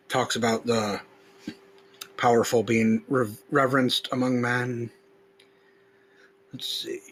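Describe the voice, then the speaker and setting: A man's voice: mid-range voice, flat delivery, a bit bright, poor audio. Male podcaster, mid-range voice, emphatic reader turned casual explainer, faint noise floor. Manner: slow, emphatic recitation when reading; loose, conversational, with fillers when explaining. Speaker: podcast host. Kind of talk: reading a text aloud, then casual commentary.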